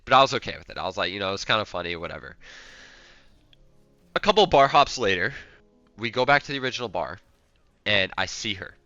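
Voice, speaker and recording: A man's voice: lowish voice, dry recording, dull audio. Young man rambling through a story. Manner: rambling, animated, acts out quotes. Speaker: streamer. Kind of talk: casual storytelling.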